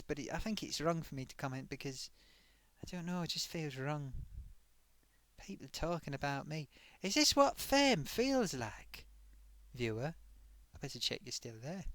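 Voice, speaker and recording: A man's voice: on the high side, normal speed, fairly bright tone, dry recording. A man hosting a casual live stream, reading out forum comments with a chatty, self-amused manner.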